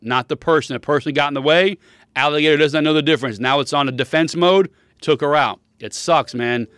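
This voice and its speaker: A man's voice: on the high side, fairly bright tone, clear, resonant tone, dry recording, clean studio sound. A man hosting a podcast, delivering a heated, profane political rant. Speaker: podcast host.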